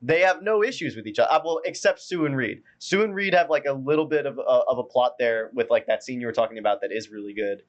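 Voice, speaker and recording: A man in casual film-review chat, talking bluntly and swearing now and then, his speech full of "like". His voice sits at a middling pitch and comes through a little dull and lo-fi. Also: lively intonation, fast talker, hardly any pauses. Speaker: podcast co-host.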